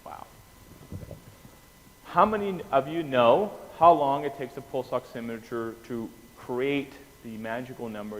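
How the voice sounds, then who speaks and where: Guy teaching a lecture hall, lively, keeps saying okay?, roomy reverb, bit of background hiss. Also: medium pitch. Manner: animated, asks the class questions, keeps saying "okay?". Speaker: anesthesia lecturer. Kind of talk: classroom lecture. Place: lecture room. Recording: reverberant hall with faint noise.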